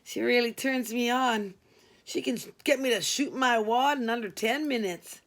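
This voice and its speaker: A woman's voice: fairly high pitch, moderate pace, a bit bright. A woman voicing a brash, crude middle-aged male caller who talks bluntly.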